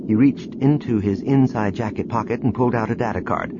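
A man reading a novel aloud as an audiobook narrator, in a measured, even storytelling manner. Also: fairly low pitch, lo-fi sound, background noise. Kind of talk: scripted narration.

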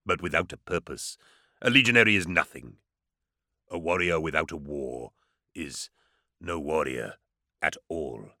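A man voicing an ancient, solemn male psyker regent who speaks slowly and gravely in an audiobook. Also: a bass voice, sharp tone, no echo, studio quality, pitched below the performer's own voice, heavily acted. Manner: slow, grave, intoning. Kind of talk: audiobook character voice.

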